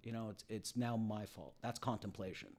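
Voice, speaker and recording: A man's voice: on the low side, fairly even intonation, normal speed, a little mellow. A middle-aged man, an emotional recovery coach, talking candidly in a casual interview and acting out bits of dialogue as he tells stories.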